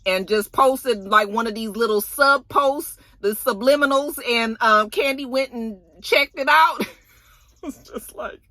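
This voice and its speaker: A young woman giving a casual, gossipy recap, animated and sassy and swearing freely. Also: on the high side, slow, no room sound. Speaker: reality TV recap YouTuber.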